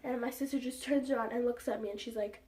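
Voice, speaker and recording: Rambling young woman vlogger, somewhat high voice. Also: fairly even intonation, fast talker, dark tone, recorded from a distance. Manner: rambling, heavy use of "like" and fillers. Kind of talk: casual storytime.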